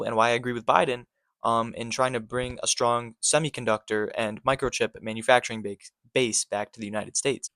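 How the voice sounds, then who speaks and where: A man's voice: medium pitch, a bit bright, no echo, studio quality. A man giving sarcastic, exasperated reaction commentary on a political clip, swearing often.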